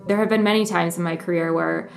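A young woman shares a personal story in an earnest, emotional way, stopping and restarting as she goes. Her voice sits low and has a gravelly fry to it. Faint music plays underneath. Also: steady tone, fast talker. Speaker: journalist.

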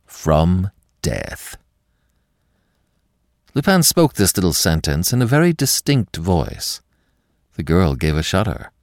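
Male audiobook narrator, low voice, lively reading, dry close studio sound. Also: dry recording. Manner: expressive, measured storytelling. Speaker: podcast host and narrator. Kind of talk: audiobook narration of a classic story.

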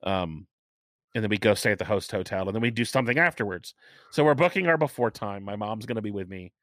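A middle-aged man hosting a casual chat, talking chattily and stressing key points by slowing down. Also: fairly low pitch, a bit bright, dry recording, studio quality. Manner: chatty, emphatic, repeats points slowly for stress.

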